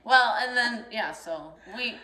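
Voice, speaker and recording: A young woman telling a story in casual chat, animated and acting out the voices in it. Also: on the high side, slow. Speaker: storyteller host. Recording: echoey room.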